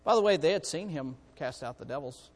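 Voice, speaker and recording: A male preacher delivering an impassioned, repetitive sermon that swings from quiet to loud. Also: a little high, animated, a little fast, breathy edge, long reverb tail.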